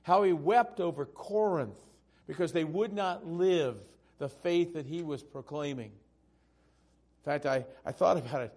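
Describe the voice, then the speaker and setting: A male pastor preaching a sermon, swinging from loud, emphatic peaks down to hushed, tender passages. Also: on the high side, measured pace.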